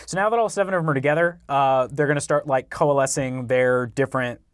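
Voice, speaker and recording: Easygoing fast-talking man discussing movies. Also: medium pitch, smooth, no room sound, studio quality. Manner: easygoing, agreeable pushback. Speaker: podcast co-host. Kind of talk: casual movie review chat.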